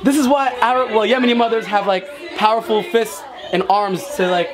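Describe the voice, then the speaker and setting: A young man vlogging casually at a family party, joking and talking excitedly to the camera. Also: high voice, a little fast. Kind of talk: casual vlog chat. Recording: busy room with crowd noise. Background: crowd chatter.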